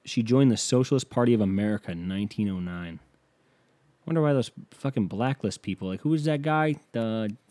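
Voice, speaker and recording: A man's voice: on the low side, warm tone, no room sound. A man hosting a comedy podcast, reading a biography aloud and riffing on it in an irreverent, sarcastic, profane way. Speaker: podcast host.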